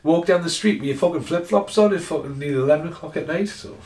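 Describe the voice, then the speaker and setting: A man's voice: fairly high pitch, fast, a little mellow. A man, talking casually to camera in a rambling, sweary way at home. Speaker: vlogger. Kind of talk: casual ranting vlog. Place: at home indoors. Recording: roomy echo.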